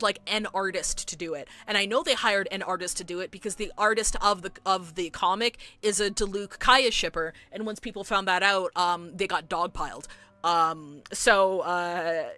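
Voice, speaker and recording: Bright-toned woman streamer chatting to chat, riled up, rambling, apologizing a lot. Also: mid-range voice, dry recording. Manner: rambling, frustrated, apologetic, many restarts. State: agitated. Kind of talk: casual live-stream chat with viewers.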